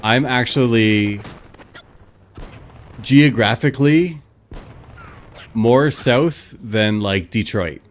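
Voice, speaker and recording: A man's voice: medium pitch, drawn-out words, pauses often, slight background noise. A man, chatting casually with his live stream viewers and rambling through stories with plenty of fillers. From Canada.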